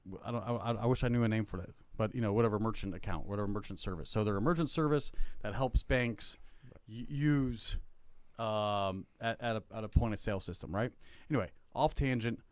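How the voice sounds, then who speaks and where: A middle-aged man talking casually on a podcast, his voice smooth and resonant. The sound is dry and close, with no room echo. He rambles, stacking fillers and restarting his sentences. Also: on the low side, brisk, a little mellow. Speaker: podcast co-host. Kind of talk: casual chat.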